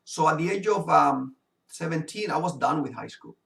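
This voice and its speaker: A man tells a personal story in a loose, rambling way, stacking fillers as he games. His voice is very gravelly and a bit high. It sounds roomy, picked up from some distance. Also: expressive, normal speed, a bit bright. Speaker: gamer and video host. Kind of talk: casual storytelling while gaming.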